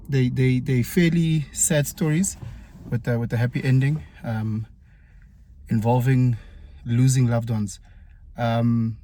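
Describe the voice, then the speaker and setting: A former teacher from KwaZulu-Natal, speaking with a South African accent, tells a personal story in a lively vlog, his pitch leaping up whenever he imitates other people. There's slight background noise.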